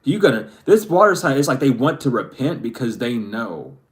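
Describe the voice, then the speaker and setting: A man's voice: mid-range voice, sing-song, normal speed. A man giving a spiritual reading to his viewers, ranting emphatically and swearing freely. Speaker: tarot reader.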